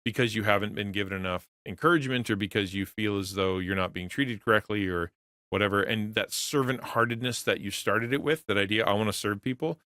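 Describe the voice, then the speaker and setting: A middle-aged man speaks earnestly to his livestream chat in a low voice. He rambles, stops and starts, and repeats words as he thinks aloud. The sound is close and dry, with no room echo. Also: sharp tone. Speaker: streamer and pastor to creators. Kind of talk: casual livestream talk with chat.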